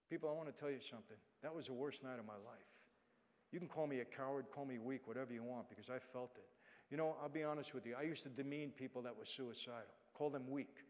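A man's voice: mid-range voice, quick pace. Middle-aged man testifying in a reverberant hall. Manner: swings from hushed to loud and emphatic. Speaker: guest speaker. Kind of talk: testimony talk to an audience.

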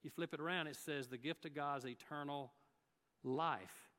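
A man's voice: fairly high pitch, fairly even intonation, moderate pace, a bit bright, long reverb tail. A man preaching a sermon, telling folksy stories and acting out the people he quotes. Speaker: guest preacher. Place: church sanctuary.

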